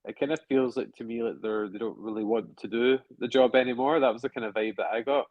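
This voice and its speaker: Man, casual review chat, thinks aloud, mid pitch, dull lo-fi sound, dry room. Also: steady tone, fast, no room sound. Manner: chatty, hedging, thinks aloud. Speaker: podcast co-host.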